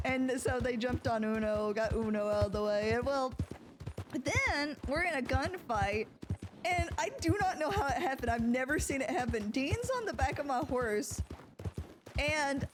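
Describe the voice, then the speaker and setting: A woman streamer playing a deputy in a roleplay game, telling stories in an animated, laughing way with a Southern drawl. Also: high voice, unhurried, background noise. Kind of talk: casual in-character storytelling.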